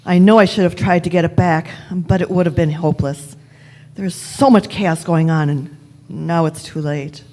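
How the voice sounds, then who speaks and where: A wily time traveller , voiced by a woman, speaks with imperious, deliberate authority and leans on every phrase. It is a live fan radio play. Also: fairly low pitch, fairly even intonation, mellow, natural voice. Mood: explaining. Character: wily elderly female time traveller, the Doctor.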